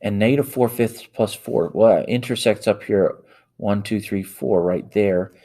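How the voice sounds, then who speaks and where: A man's voice: on the low side, unhurried, dark tone. A man teaching a math lesson, working problems aloud step by step and correcting himself as he types into a calculator. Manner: talks aloud while typing into a calculator, self-correcting. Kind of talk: worked-example math lesson.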